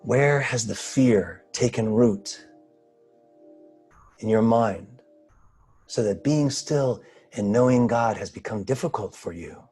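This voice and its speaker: Man guiding a slow meditation. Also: medium pitch, music in the background. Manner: slow, pausing, gently questioning. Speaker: spiritual teacher. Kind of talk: guided meditation. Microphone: video call.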